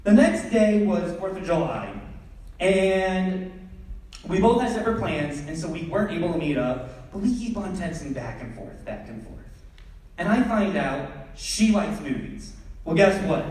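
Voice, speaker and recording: Brief: animated young comic telling a story on stage, voice swooping high and low, far from the mic. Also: male voice, normal speed. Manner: animated, acts out scenes. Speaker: stand-up comedian. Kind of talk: storytelling stand-up. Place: theatre stage. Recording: echoey theatre from far off.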